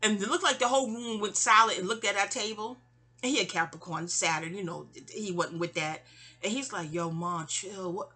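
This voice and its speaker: Middle-aged New York woman, husky and bright, casual rambling storytelling with lots of fillers. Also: medium pitch, brisk. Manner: rambling, digressive, full of fillers and restarts. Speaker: vlogger telling a memoir story.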